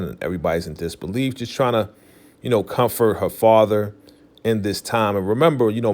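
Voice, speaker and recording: A man giving a casual episode recap, retelling loosely with lots of fillers like "definitely" and "you know.". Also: deep voice. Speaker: TV recap vlogger.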